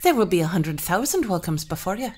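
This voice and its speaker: A woman's voice: lowish voice, big pitch swings, brisk, darkish tone. A woman voicing an old male weaver who speaks in a welcoming way.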